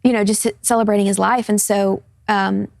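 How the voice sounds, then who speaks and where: A woman's voice: medium pitch, level tone, normal speed, creaky, darkish tone, no room sound. A woman in her twenties, a talk show guest, sharing her personal testimony in an earnest, open way. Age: 20s. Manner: earnest, open, laughs easily in light moments. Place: television studio.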